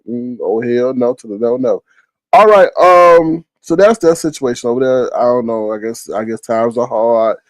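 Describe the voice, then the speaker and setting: A man hosts a casual live stream, reading viewers' messages aloud and answering them by name. His talk is loose, slangy and blunt, at a middling pitch. The sound is dry and close, with no room around it. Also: moderate pace, dry recording.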